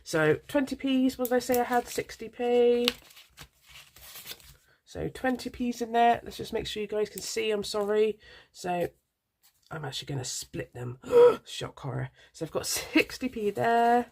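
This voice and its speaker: A woman's voice: a little high, lively intonation, moderate pace, a little mellow, a little hiss or hum. A woman in her thirties with a British accent and a nasal head cold, chatting casually and rambling to camera with lots of ums and apologies as a budgeting vlogger. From United Kingdom. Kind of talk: casual chat to camera while sorting coins. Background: faint clinking of coins.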